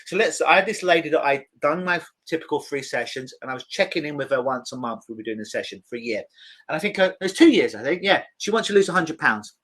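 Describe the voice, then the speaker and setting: A man, a clinical hypnotist, telling a client story as a guest in an expressive, lively conversational way, often repeating words as he starts a sentence. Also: fairly high pitch, fast, husky.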